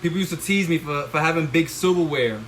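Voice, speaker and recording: A middle-aged man with a fairly high voice runs a live cooking demo at his stove, recorded on a handheld phone. He coaches the viewer and keeps checking in with "okay?", then breaks into excited whoops. Frying sizzle and kitchen clatter come through clearly under his voice. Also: quick pace, a little hiss or hum. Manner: excitable, bursts into loud whoops; coaching, tags lines with "all right?" and "okay?". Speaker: chef hosting a cooking stream.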